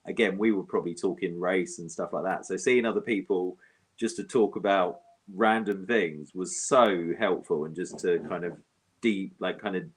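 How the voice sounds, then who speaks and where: A man's voice: low voice, moderate pace, husky. A man co-hosting a running podcast, chatting in an easygoing, reflective way. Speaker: podcast co-host. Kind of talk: casual chat.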